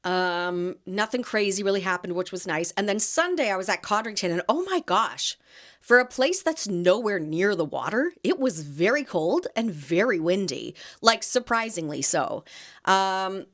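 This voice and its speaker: A woman's voice: medium pitch, animated, normal speed, fairly bright tone. A woman in her thirties hosting a podcast, chatting casually and animatedly about her weekend as a market vendor, with frequent fillers and laughs. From Canada. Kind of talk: casual chat.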